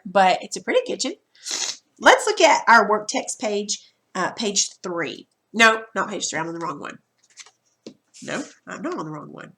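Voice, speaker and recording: Woman, teacher, recorded grammar lesson, casual, talks straight to students, restarts sentences, mid pitch. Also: pushed and bright. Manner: repeats and restarts while explaining.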